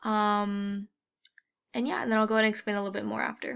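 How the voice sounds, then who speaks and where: A woman's voice: medium pitch, little pitch movement, quick pace, creaky, a bit bright, clear, resonant tone. A young woman giving a casual class presentation, informal, with many fillers and restarts. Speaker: education student presenting. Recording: dull lo-fi home recording.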